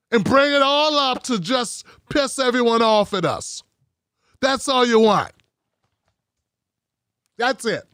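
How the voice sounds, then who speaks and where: A man's voice: extremely high pitch, fairly bright tone, dry recording, studio quality, pitched above the performer's own voice, full character voice. A man voicing a petulant, bigoted male TV viewer, mocking him with exasperated, sarcastic complaints.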